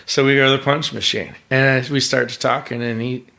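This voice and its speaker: A man's voice: mid-range voice, level tone, fairly quick, creaky, sharp tone. A man, a pit crew member, guesting on a podcast and telling rambling, profane stories, often laughing. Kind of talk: casual storytelling.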